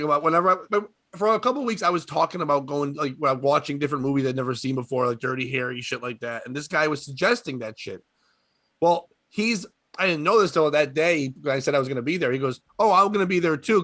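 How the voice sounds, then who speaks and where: A man's voice: on the high side, fast, sharp tone, dry recording. A young adult man telling rambling, profane comedic stories in casual chat, laughing often. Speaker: podcast guest storyteller.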